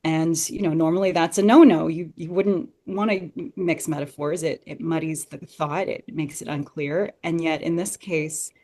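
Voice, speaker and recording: A woman's voice: sits low, fairly even intonation, measured pace, hardly any pauses, a little mellow. A woman talking as a podcast guest, thinking aloud in an earnest, enthusiastic way as she analyses a text. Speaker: podcast guest discussing Shakespeare. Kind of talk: conversational analysis.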